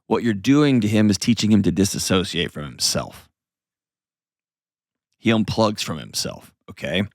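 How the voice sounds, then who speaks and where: Folksy man host, low and dry. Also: expressive, moderate pace, no echo. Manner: folksy, explains with acted-out examples, frequent "right?" and "okay?". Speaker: advice show host. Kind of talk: conversational advice to a caller.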